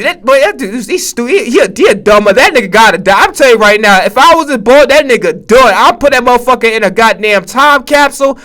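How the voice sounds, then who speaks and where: A man's voice: very high voice, lively intonation, quick pace, hardly any pauses, bright, forceful tone. A man streaming live, giving reaction commentary in a profane, stammering, rant-like way from his home setup. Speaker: Twitch streamer.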